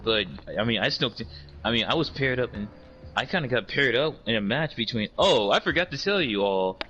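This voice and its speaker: A man in casual podcast chat, telling a story with lively energy. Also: fairly quick, lo-fi sound, a little hiss or hum. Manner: animated storyteller, mimics opponents in high squeals.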